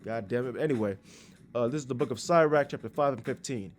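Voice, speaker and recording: A man's voice: mid-range voice, quick pace, faint music behind. A man preaching in a blunt, crude, scolding way, reading scripture aloud and commenting on it. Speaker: street preacher.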